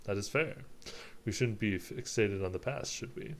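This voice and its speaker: A man's voice: on the low side, moderate pace, vocal fry, a little hiss or hum. A man doing a suave fox investigator. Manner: polite, suave, mysterious. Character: smooth, knowing male fox private investigator.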